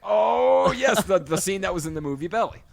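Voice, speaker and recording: A man's voice: high voice, animated, fast talker. Profane young man riffing on a film. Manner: profane, emphatic, mimics lines loudly. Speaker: podcast co-host. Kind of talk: casual film discussion.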